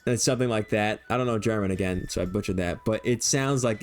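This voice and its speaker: A man's voice: mid-range voice, brisk, soft background music. A young man streaming a video game, rambling and joking in a casual running commentary and laughing easily.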